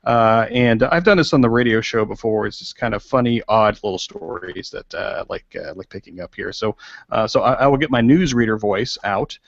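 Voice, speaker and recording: A man hosting a live online talk show, with a gravelly voice and a halting delivery full of fillers and restarts. The sound is dry and close, with a dull, lo-fi tone. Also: fairly low pitch, dry recording. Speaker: podcast host. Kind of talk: casual chat.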